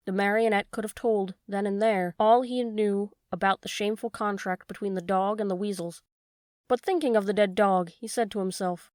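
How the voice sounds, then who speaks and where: A woman narrating a classic children's tale for an audiobook in a steady storytelling manner. Her voice sits in a middle pitch and the recording is dry and close. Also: normal speed, no echo. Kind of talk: scripted narration.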